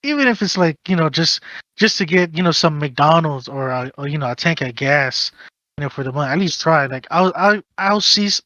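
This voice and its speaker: A man's voice: on the high side, animated, brisk, bright, forceful tone, no room sound, dull audio. A man hosting a casual podcast, ranting animatedly and swearing while giving advice. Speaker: podcast host.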